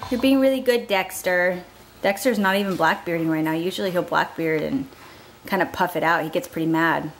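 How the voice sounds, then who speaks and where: A woman's voice: lowish voice, unhurried, pauses often, faint music behind. A young adult woman chatting casually in a home vlog, laughing often and coaxing her pets. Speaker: vlogger.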